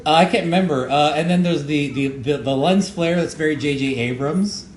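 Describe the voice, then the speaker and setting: Rambling man in an echoey room. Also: on the high side. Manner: rambling, halting with many fillers and repeated words. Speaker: show creator giving commentary. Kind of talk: casual audio commentary. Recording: echoey room with faint noise.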